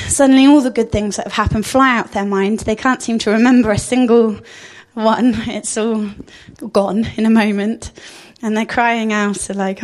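A woman's voice: fairly high pitch, steady tone, normal speed, few pauses. A woman giving an informal sermon, chatty and thinking aloud with frequent fillers. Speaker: speaker giving a church talk.

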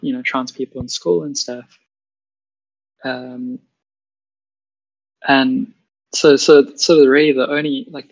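A woman's voice: rumbling low, dull audio. A trans woman from South Africa with a South African accent, chatting casually and hesitantly, with many fillers and restarts. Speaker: guest. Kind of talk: casual chat. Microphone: video call.

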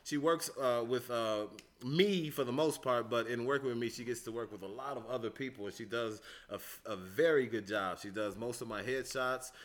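A man talking as a guest in a relaxed chat. He jokes, laughs often and talks in halting, stop-start phrases. His voice sits at an ordinary middle pitch. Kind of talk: casual chat.

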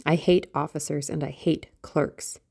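A brooding young sailor, read by a woman narrator, protective of his sister and curt in manner. The voice stays low, with a gravelly, dark grain. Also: fairly even intonation, unhurried, full character voice. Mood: earnest. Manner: curt, earnest.

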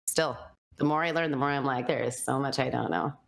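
A woman's voice: rumbling low, fairly quick, gravelly. A woman telling her personal story in casual conversation, chatty and earnest, full of fillers and quoted thoughts. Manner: earnest and reflective.

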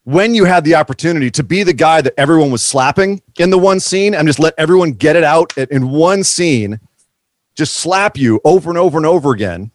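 A male interviewer asks his guests playful, teasing questions in a casual chat. His voice sits slightly high for a man. It rises and falls in a lively way. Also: brisk, slight background noise.

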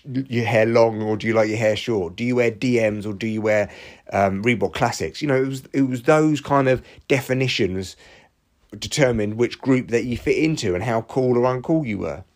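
A man, hosting a podcast in a sweary, rambling casual monologue. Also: mid-range voice. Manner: sweary, rambling, gets heated then self-mocking. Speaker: podcast host.

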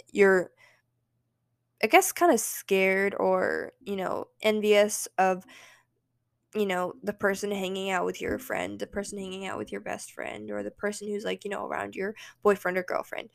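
A woman's voice: medium pitch, gravelly. A young woman talking casually and emphatically on her solo podcast, encouraging herself and her listeners. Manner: chatty, emphatic, self-encouraging. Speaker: podcast host.

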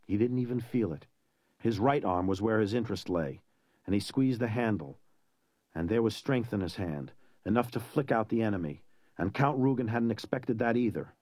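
A man's voice: lowish voice, dry recording. Man narrating a story, dry sound. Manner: even, measured storytelling. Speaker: reader. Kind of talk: audiobook narration.

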